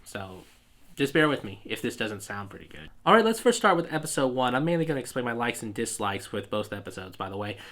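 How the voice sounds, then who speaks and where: A man's voice: mid-range voice, sing-song, fast talker, fairly bright tone. Stuffy-nosed man rambling through a review. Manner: rambling, many restarts and self-corrections. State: stuffy nose from a cold. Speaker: YouTube reviewer. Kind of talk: casual video review.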